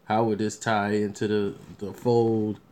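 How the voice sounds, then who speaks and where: A man's voice: on the low side, flat delivery, unhurried, a little mellow. A man talking casually about upcoming films as a review vlogger, rambling with many restarts and fillers. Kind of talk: casual movie commentary.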